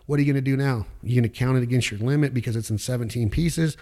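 A man's voice: mid-range voice, fast, few pauses, a little mellow. A man hosting a podcast, talking casually in a fired-up, preachy pep-talk way with slang and swearing. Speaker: podcast host.

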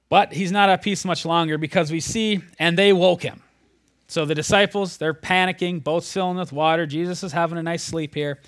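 A man preaching a sermon, retelling a scripture story in a conversational, animated way, sometimes dropping almost to a whisper. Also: high voice, no echo.

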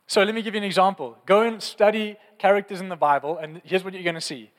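A young man preaching a sermon, telling stories in a lively, conversational, fervent way. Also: high-pitched, fast, hardly any pauses. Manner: animated storytelling, conversational and fervent. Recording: long hall reverb.

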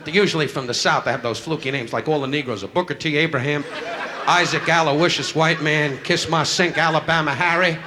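A stand-up comedian with a slightly high, steady voice works the crowd on a nightclub stage, firing insulting barbs at audience members in rapid-fire banter. The clip comes from a noisy 1960s live album.

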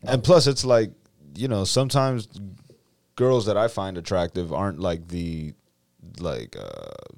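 A man teasing his friends in relaxed, casual podcast chat. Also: low-pitched, a little slow, vocal fry, no echo, studio quality.

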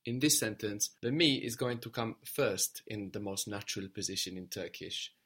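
Calm low-voiced male grammar teacher. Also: moderate pace, breathy edge. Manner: calm, explanatory. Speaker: language teacher. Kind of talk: explaining grammar.

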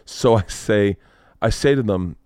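A man hosting a podcast, telling a story in a casual, animated way, acting out the people he quotes and swearing freely. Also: on the low side, measured pace, smooth, no room sound, studio quality. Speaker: podcast host.

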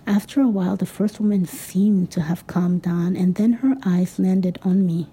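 A woman narrating a novel in a measured, descriptive audiobook style. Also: on the low side, steady tone, mellow, breathy edge, poor audio.

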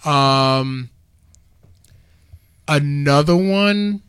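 A man's voice: a little high, drawn-out words, smooth. A man in casual chat, animatedly telling convention stories and acting out what people said. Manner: animated storyteller, laughs often, acts out quotes. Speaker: podcast guest recounting a convention.

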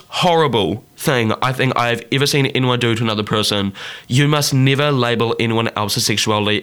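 A man hosting a solo podcast, talking earnestly and passionately and climbing higher in pitch when he gets worked up. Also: fairly quick, fairly bright tone, clear, resonant tone. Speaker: podcast host.

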